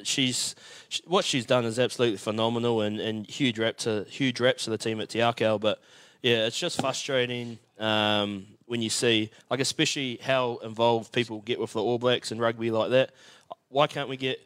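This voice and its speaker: A man's voice: mid-range voice, steady tone, moderate pace, few pauses, a bit bright, no room sound. Kiwi guy on a podcast, earnest and a bit frustrated, dry sound. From New Zealand. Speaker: podcast co-host. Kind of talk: casual chat.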